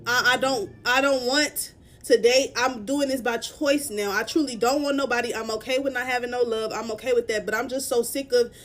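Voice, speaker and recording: Tearful young woman telling a story. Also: fairly high pitch. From Dallas, Texas. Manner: upset, near tears, irritated. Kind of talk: casual storytime on camera.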